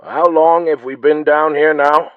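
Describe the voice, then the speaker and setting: Man doing gruff dungeon guard guys in an audiobook, dull dry lo-fi sound. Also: a little high, fairly even intonation, no echo, voice pushed up, lightly acted. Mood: grumbling. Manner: louder, slower and slightly raised voice.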